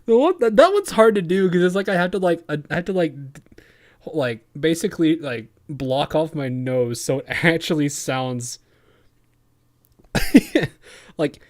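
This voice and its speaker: A man's voice: a little high, animated, a little slow. A man giving casual commentary on a game he is playing, rambling with restarts and laughing often. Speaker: game streamer.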